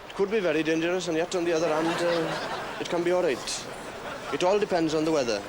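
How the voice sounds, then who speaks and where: An actor playing a dim-witted local television celebrity who gives vague, rambling answers outdoors at a festival. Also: male voice, on the high side, a little fast, crowd noise, lightly acted. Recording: outdoor street noise.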